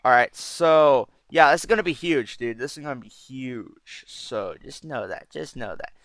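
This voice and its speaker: A man's voice: medium pitch, normal speed, fairly bright tone, no echo. A man giving casual gameplay commentary as a channel host, brash and profane, rambling as he plays.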